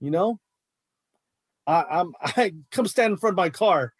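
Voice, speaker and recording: A man's voice: high voice, animated, a little slow, no room sound. A middle-aged man, a martial arts coach, talking in a fired-up, emphatic way on a podcast. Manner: fired-up, emphatic, says bro a lot. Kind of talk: casual podcast chat.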